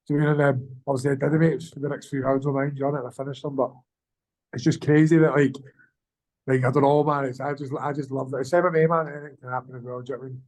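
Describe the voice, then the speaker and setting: Bloke, talks quick and flat, swears a lot, loose slangy chat over a video call. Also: male voice, mid-range voice, low-quality recording. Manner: fast, swearing, slangy, rambling. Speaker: amateur MMA fighter, guest. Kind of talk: casual interview chat.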